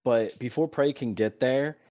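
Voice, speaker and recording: A man's voice: medium pitch, measured pace, dark tone. A man narrating as game master of a tabletop role-playing game, in a laid-back, chuckling way.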